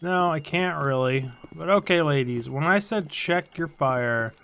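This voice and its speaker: A man's voice: a little high, measured pace, vocal fry, a bit bright, a little hiss or hum. A tired man giving casual, rambling commentary on a video game he is playing, swearing and joking at what happens on screen. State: tired, yawning. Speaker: let's play host.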